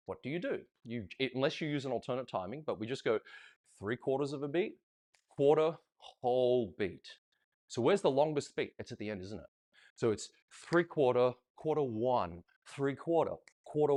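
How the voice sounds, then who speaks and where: A chatty middle-aged male dance coach talks through steps in a relaxed way. He counts rhythms out loud and sings the beats as he demonstrates. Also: mid-range voice, brisk. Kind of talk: casual online dance lesson.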